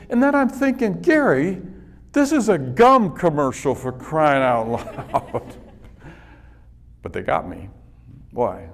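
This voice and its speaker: A man's voice: fairly high pitch, sing-song, measured pace. A man giving a motivational talk to a business audience, telling personal stories in a conversational way and chuckling often. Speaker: speaker addressing a business group. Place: business event venue.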